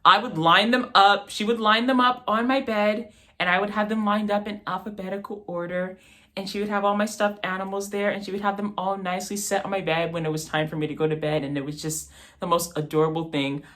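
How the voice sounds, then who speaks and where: Bright-voiced eighteen-year-old guy. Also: a little fast. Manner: animated, mimics his mother with jumps in pitch. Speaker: vlog host. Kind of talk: casual storytelling to camera.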